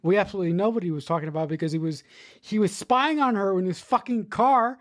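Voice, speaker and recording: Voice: medium pitch, fast, dry recording, studio quality. A podcast co-host casually discussing a film, rambling, restarting sentences and swearing.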